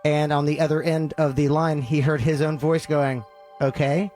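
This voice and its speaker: A man hosting a podcast, casually retelling a story with lively acted-out quotes and loose fillers. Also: fairly high pitch, moderate pace, faint music behind. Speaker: podcast host.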